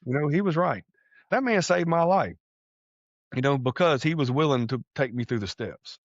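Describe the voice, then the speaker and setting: A man's voice: on the high side, lively intonation, normal speed, no echo. A man from Texas, a podcast guest, telling his story in an earnest, folksy way and acting out conversations he recalls. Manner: earnest, folksy, acts out quoted exchanges. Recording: dull lo-fi sound.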